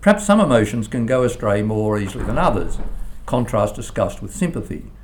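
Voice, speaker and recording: An older man, a philosophy professor, reading a formal academic lecture in a measured way, with the odd stumble. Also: mid-range voice, a little mellow. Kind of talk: academic lecture read from a text.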